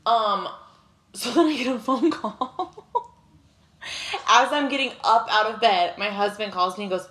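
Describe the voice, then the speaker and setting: A woman's voice: mid-range voice, normal speed, long pauses, a bit bright. Woman 30s, podcast co-host, swears freely, laughs through her stories. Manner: profane, laughing storyteller. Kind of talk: casual chat.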